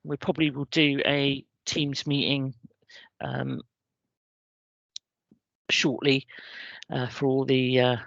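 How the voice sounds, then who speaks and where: A woman's voice: extremely low pitch, flat delivery, takes it slowly, pauses often, no echo. Hesitant woman presenting, West Country accent. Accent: English West Country. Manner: hesitant, many ums and restarts. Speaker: civil contingencies officer presenting. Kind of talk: informal presentation talk. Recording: dry, dull lo-fi recording.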